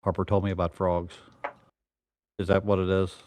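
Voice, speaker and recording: A man playing a tabletop game in character, hesitant and full of stammers. His voice sits a little low and sounds dry and close. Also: level tone, normal speed, a little mellow, no echo. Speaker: player.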